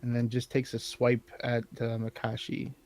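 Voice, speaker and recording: A man's voice: medium pitch, completely flat delivery, normal speed, creaky, a little mellow. A man narrating a tabletop game as game master, hesitant and full of filler words.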